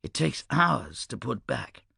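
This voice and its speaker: A man's voice: mid-range voice, big pitch swings, slow pace, creaky, pushed and bright, breathy edge, no room sound, studio quality, heavily acted. A man voicing a weary disguised war hero.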